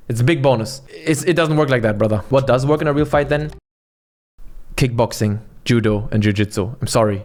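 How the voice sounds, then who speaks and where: A man ranting bluntly and swearing a lot as he reacts to a video, with frequent restarts. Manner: lively pitch swings, restarts. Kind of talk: profane reaction commentary.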